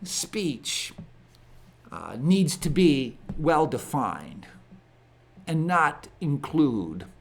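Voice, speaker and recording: A man's voice: a little high, very animated, vocal fry, husky. A man hosting a ministry show and giving a spoken commentary monologue, with emphatic repeated phrases. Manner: slow, deliberate delivery with emphatic repeated phrases.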